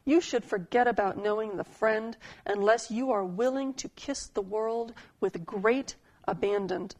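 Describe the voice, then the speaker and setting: A woman preacher giving a sermon, telling a story and reading a poem in a deliberate, dramatic way. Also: medium pitch, a little mellow.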